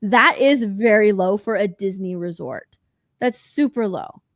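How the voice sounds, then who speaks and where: A woman co-hosting a pop-culture news podcast, chatting casually with lots of fillers and excitement. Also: mid-range voice, unhurried, no room sound, studio quality. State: hiccups. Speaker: podcast co-host. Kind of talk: casual chat.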